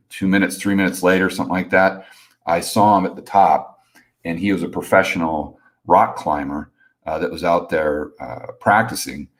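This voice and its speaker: A man with a very low voice tells a personal story on a live stream. He talks casually and rambles, with lots of restarts and filler phrases. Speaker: host telling a personal story.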